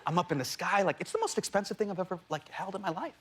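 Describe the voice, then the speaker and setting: A man in his thirties tells a comic story as a talk-show guest, his voice high and lively, leaping between registers as he acts out every line he quotes. There is a faint hum behind him in the television studio. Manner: acts out voices in quoted dialogue, fast and playful. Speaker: comedian guest. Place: television studio with a live audience.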